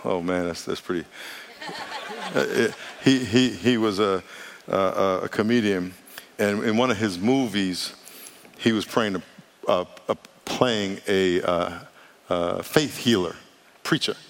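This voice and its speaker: A man's voice: lowish voice, slow pace, long pauses. A man preaching a sermon as pastor, talking emphatically and straight to his congregation. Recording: church hall with long reverb.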